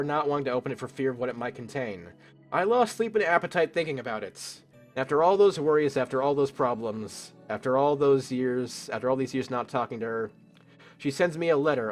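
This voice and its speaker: A man's voice: mid-range voice, lightly acted. A man voicing a nervous, guarded young woman bartender who stammers when flustered, reading game dialogue aloud. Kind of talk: let's play voice acting.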